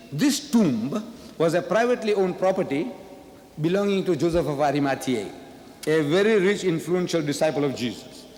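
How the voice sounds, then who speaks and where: A man's voice: fairly high pitch, slight background noise. Man in an echoey hall, debate speech. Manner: emphatic, repeats rhetorical questions. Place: large lecture hall. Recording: echoey hall, faint ambience.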